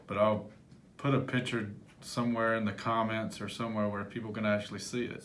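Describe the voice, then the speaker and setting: A man working as a life coach, telling a personal story to camera in a lively, animated way. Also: fairly low pitch, a little hiss or hum. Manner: animated storyteller, acts out his childhood voice.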